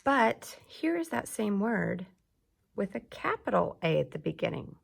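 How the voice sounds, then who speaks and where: Slow gravelly woman teacher. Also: mid-range voice, big pitch swings. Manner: slow, clear teacher talk with drawn-out words. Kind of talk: early reading lesson for young children.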